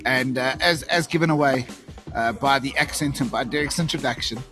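A man's voice: medium pitch, a little fast. A man with a South African accent, co-hosting a podcast in a chatty, jokey, upbeat way from a coffee shop. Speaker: podcast co-host. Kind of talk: casual chat. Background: music.

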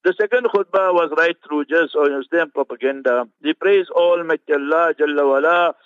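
A religious scholar with a fairly high voice comments fervently and scornfully on a Friday sermon, slipping in rapid Arabic recitations. The audio is dull and muffled like a radio broadcast, dry, with no room sound and no echo.

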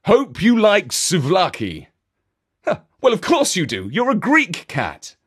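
A man's voice: high-pitched, wildly swooping pitch, takes it slowly, fairly bright tone, slightly rough, pitched above the performer's own voice, full character voice. A man playing a blunt, teasing uncle in a children's audio story, his tone matter-of-fact. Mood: cheerful.

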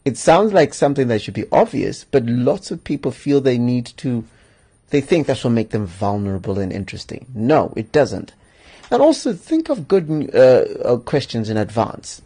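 A man's voice: medium pitch, gravelly, warm tone, breathy edge. A man hosting a solo podcast, giving advice in an emphatic, joking way and chuckling often. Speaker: podcast host.

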